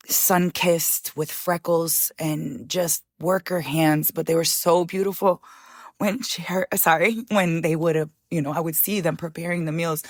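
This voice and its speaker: Older woman, chef, low voice, heartfelt, halting, dry close recording. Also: dry recording. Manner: heartfelt, halting, tearful at moments. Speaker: guest chef and author. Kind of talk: emotional interview conversation.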